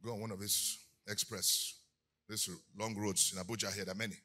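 A man preaching a sermon as pastor, moving between quiet teaching and loud shouted declarations. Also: on the low side, flat delivery, brisk, soft background music.

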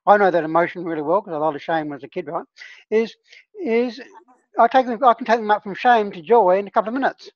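A woman's voice: medium pitch, fast, no echo, highs cut off. A woman who trains healers, leading an online discussion group in a casual, earnest teaching tone and often checking in with her listeners.

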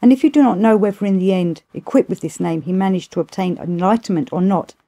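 Mellow woman reading a classic tale. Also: mid-range voice, fast talker. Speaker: audiobook reader. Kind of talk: storybook narration.

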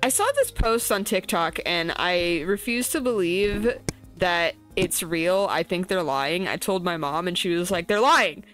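A woman's voice: fairly low pitch, measured pace, fairly bright tone, soft background music. A woman chatting casually on a livestream, rambling with frequent restarts and trailing asides. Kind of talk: casual chat.

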